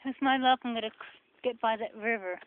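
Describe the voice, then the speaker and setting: A woman's voice: a little high, a little fast. A woman with a New Jersey accent, rambling sarcastically in a casual vlog while walking a forest path. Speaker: vlogger. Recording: tinny phone-like sound with faint noise.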